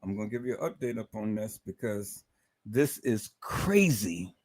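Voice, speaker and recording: A man's voice: lowish voice, animated, normal speed, a little mellow. Emotional, stammering male livestream host. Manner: emphatic, repeats words and stammers, addresses viewers as "people". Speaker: live stream host.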